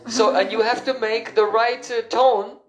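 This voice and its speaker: A man with a fairly high voice lectures on scripture in a patient, explanatory way, now and then pausing to recall a term. His voice rings in an echoey room. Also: steady tone. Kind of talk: spiritual lecture.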